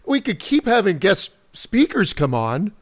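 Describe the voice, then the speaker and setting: A man's voice: high voice, sing-song, measured pace. A man co-hosting a podcast in casual chat, laughing a lot and swearing freely. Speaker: podcast co-host.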